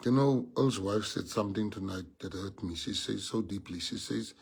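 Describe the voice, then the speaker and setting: A man's voice: on the low side, moderate pace, creaky, hardly any pauses, darkish tone, slightly rough. A man with a South African accent, a party leader giving a heartfelt speech to his members, earnest and repeating key phrases for emphasis.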